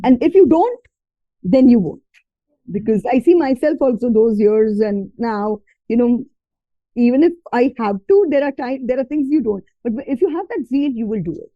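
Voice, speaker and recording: A woman's voice: on the high side, lively intonation, moderate pace, no room sound, lo-fi sound. A woman from India with an Indian accent, telling her story as a podcast guest in a casual interview, mixing Hindi words into her English.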